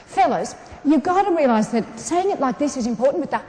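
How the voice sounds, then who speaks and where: An Australian woman speaks from a conference stage in a high, very lively voice. She delivers a humorous motivational keynote and talks straight to the crowd. The sound is roomy and echoes like a large hall. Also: fairly quick. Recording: echoey conference hall, some room noise.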